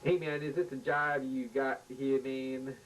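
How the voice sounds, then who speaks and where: A man doing a brash, shouting male visitor. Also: little pitch movement, a little slow, natural voice. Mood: boisterous. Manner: shouty, slangy. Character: brash, loud male visitor who boasts and dances. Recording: distant mic with faint rumble.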